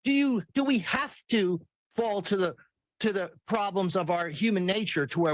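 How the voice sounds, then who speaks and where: A man's voice: sits high, moderate pace, no room sound. A man delivering a heated, sarcastic political rant as a commentary host. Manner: ranting, sarcastic, mimics people in quotes.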